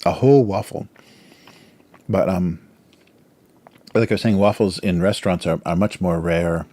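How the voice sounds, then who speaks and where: A man's voice: low-pitched, normal speed, dark tone. A man hosting a casual drawing livestream, rambling with many fillers and talking with his mouth full as he snacks. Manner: filler-heavy, chuckles often. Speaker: livestream host, cartoonist.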